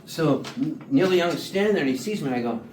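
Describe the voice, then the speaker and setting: A singer-songwriter telling a rambling comic story to a live audience, laughing and quoting people in voices. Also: male voice, a little high, expressive, quick pace, a little mellow. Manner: laid-back, laughing, quotes people in voices. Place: small showcase room, live audience. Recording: roomy live room, mic at a distance, background noise.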